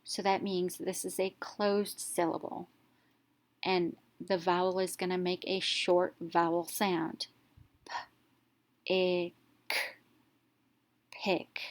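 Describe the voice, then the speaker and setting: Woman, teacher, lowish voice, phonics lesson, slow and deliberate, sounds out each letter. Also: little pitch movement.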